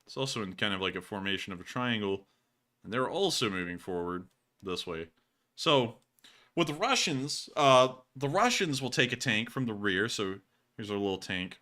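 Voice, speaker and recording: A man hosting a livestream, explaining tactics and thanking donors in a relaxed, chatty way. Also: lowish voice, normal speed. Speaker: livestream host. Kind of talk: casual stream commentary.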